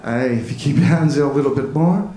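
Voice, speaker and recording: A man's voice: medium pitch, quick pace, background noise, lightly acted. A man putting on a bawdy Scottish man in a kilt. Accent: put-on Scottish. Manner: bawdy storytelling. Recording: roomy club with crowd.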